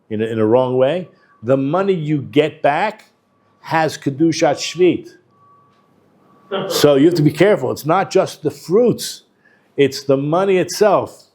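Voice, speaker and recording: A rabbi and educator with a fairly high, darkish, husky voice gives a conversational Torah lesson, working through texts with Hebrew terms and quotes. He keeps it informal, restarting sentences and making asides to the class.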